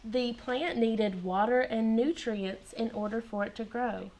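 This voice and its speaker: A woman's voice: fairly high pitch, fairly even intonation, measured pace, darkish tone, a little hiss or hum. A woman teaching kindergarten in a classroom, patient and encouraging, asking the children lots of prompting questions.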